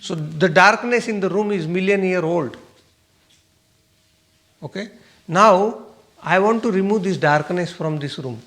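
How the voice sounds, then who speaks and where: A man with a somewhat high-pitched voice leads a meditation class in a spiritual talk. He puts questions to the listeners and answers them himself, repeating his points patiently. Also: a little slow, long pauses, a bit bright. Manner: repeats himself and checks "okay?". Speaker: meditation teacher.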